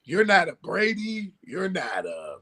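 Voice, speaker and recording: A man's voice: high voice, wildly swooping pitch, unhurried, a bit bright. A man co-hosting a sports talk show, arguing his points bluntly and emphatically in casual chat.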